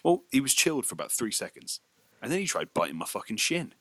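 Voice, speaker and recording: A young man, telling a sweary, animated story in casual chat. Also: mid-range voice, quick pace, no room sound.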